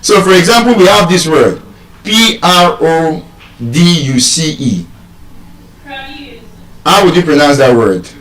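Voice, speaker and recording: Animated man lecturing in an echoey hall. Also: on the high side, slow pace, pauses often. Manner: spells words out letter by letter, quizzes the audience, teasing. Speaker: speaker teaching English pronunciation. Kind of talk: live lecture to an audience. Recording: echoey hall, mic at a distance.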